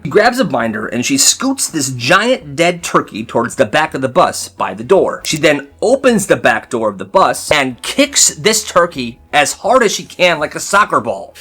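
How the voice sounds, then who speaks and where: A man's voice: medium pitch, moderate pace, hardly any pauses, husky. A man telling funny school stories in a comedic storytime style, slipping into voices for the people in them. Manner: animated storyteller jumping into character voices. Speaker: storytime creator.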